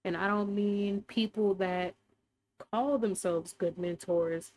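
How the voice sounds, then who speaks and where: A woman hosts a relaxed faith podcast, speaking at an ordinary middle pitch. She rambles as she talks, works things out aloud, and now and then breaks into a giggle. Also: takes it slowly, no room sound. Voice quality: casual, rambling, giggly at times. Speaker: podcast host. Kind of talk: casual faith talk.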